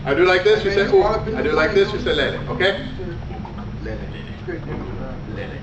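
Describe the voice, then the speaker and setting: A man's voice: high voice, sing-song, normal speed. A man playing a jolly male islander who laughs and coaxes a live youth group audience through a comedy skit. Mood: cheerful coaxing. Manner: playful, laughing, coaxing the crowd. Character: jolly male islander named Brother Joe. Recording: echoey hall, far mic, dull, loud crowd.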